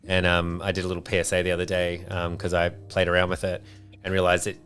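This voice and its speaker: A man's voice: sits low, completely flat delivery, fast talker, fairly bright tone, faint music behind. A man hosting a design livestream, telling rambling stories with lots of fillers in casual chat. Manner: rambling storyteller, many fillers. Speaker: livestream host.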